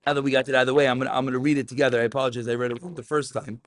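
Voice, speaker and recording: A man teaching a Talmud class, animated, mixing English with Aramaic terms and raising his voice for emphasis. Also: mid-range voice, very fast, slight background noise.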